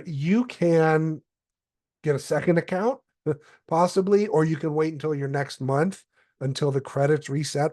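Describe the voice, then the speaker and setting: A man presenting a step-by-step software tutorial, explaining calmly with occasional fillers. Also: fairly high pitch, no room sound, studio quality.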